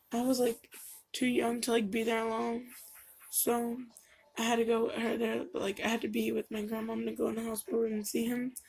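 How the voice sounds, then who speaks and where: A woman's voice: a little high, creaky, darkish tone, husky. A woman vlogging casually at home into her camera mic, rambling with lots of fillers and getting emotional. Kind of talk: casual confessional vlog. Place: home room.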